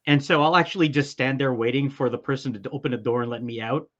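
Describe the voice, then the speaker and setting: A man's voice: medium pitch, steady tone, fast, fairly bright tone, muffled recording. A man playing a tabletop game, talking casually and hesitantly, with stops and restarts. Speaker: player. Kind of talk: casual play talk.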